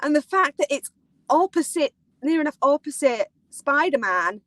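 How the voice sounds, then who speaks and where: A woman with a high, bright-toned voice hosts a casual live-stream chat. She rambles excitedly, giggles often and leans on lots of fillers. The sound is dry and close to the mic. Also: moderate pace, no room sound, low-quality recording. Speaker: host of a live theme park chat.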